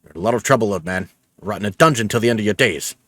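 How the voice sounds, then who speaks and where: A man's voice: on the low side, expressive, racing, fairly bright tone, no room sound, studio quality. A man voicing a stern, menacing male guard commander who barks orders and threats in a game. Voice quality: barking, threatening.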